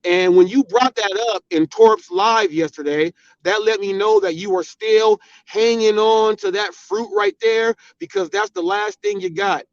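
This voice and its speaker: Heated high-voiced American man ranting. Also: expressive, a little slow, gravelly, hardly any pauses, no echo. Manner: confrontational, repetitive, emphatic. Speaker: channel host. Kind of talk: heated commentary monologue. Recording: dull, dry lo-fi sound.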